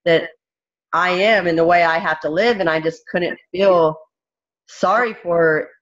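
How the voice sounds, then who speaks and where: A woman's voice: fairly low pitch, unhurried. A woman in her thirties, a fighter as interview guest, talking candidly in a blunt, emphatic way with many restarts. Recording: dull, muffled recording.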